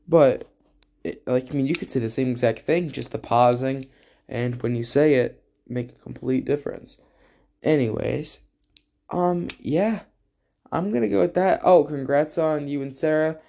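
A teenage boy talks in a loose, casual ramble, cracking jokes as he goes. He fills gaps with ums and wanders into side comments, and his voice sits at an ordinary middle pitch. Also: vocal fry, dark tone. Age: teens. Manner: rambling, joking, lots of fillers and asides. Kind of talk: casual spoken tribute to a friend.

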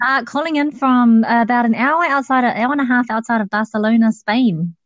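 A woman's voice: a little high, fairly quick, no room sound. Podcast guest, woman with a New Zealand accent, casual and rambling, dry, muffled call audio. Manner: chatty, many fillers and restarts. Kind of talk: casual interview chat.

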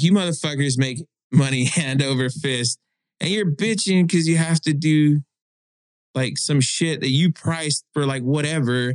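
Male guest, thirties, mid-pitched, blunt profane ranter, dry close sound. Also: no room sound. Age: 30s. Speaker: guest, tattoo shop counter worker. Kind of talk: casual chat.

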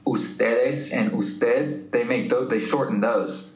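A man co-hosting a casual chat about language, telling stories and thinking aloud in a relaxed way. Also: medium pitch, takes it slowly, roomy sound, poor audio. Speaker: podcast co-host.

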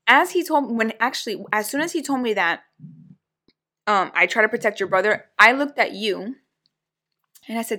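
A woman's voice: a little high, normal speed, long pauses. Young woman co-host, casual talker, acts out quotes. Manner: animated, acts out quoted voices. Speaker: podcast co-host. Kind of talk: casual storytelling chat.

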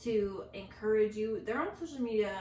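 A woman's voice: medium pitch, moderate pace, warm tone. A young woman and mother chatting casually and confidingly, with many fillers. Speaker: mom and podcast co-host. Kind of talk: casual chat. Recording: echoey room, far from mic, faint hiss.

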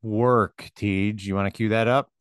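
A man's voice: on the low side, fairly even intonation, unhurried, clear, resonant tone, dry recording. Playful podcast host man, dry close sound. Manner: upbeat, playful banter. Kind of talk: casual podcast chat. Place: home studio in Louisiana.

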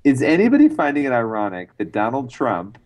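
A man co-hosting a podcast in casual chat, telling wry, animated anecdotes and giving opinions. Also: mid-range voice, brisk. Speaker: podcast co-host.

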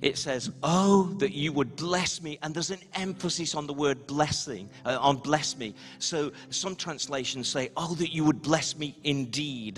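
A man preaching a sermon as a pastor, leading the congregation in repeat-after-me prayers with slow, emphatic delivery. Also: a little high, fairly bright tone, long reverb tail. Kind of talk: sermon with call-and-response prayer. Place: church hall, live-streamed service.

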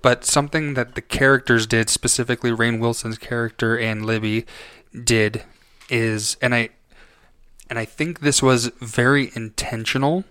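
A man's voice: mid-range voice, fairly even intonation, normal speed, fairly bright tone, clear, resonant tone, no echo, clean studio sound. A man co-hosting a podcast, giving a casual film review in a rambling way, full of restarts and self-corrections. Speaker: podcast co-host.

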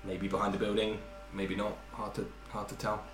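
A man narrating as game master of a tabletop game, talking softly and trailing off. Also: lowish voice, completely flat delivery, normal speed, reverberant, faint music behind.

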